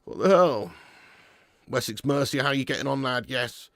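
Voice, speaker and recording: A man's voice: medium pitch, expressive, moderate pace, gravelly, dry recording, clean studio sound. A man hosting a live football watch-along, bantering with his chat and flaring into mock outrage at players. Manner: banter-heavy, shouts in mock outrage, reads out super chats. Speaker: football fan channel host.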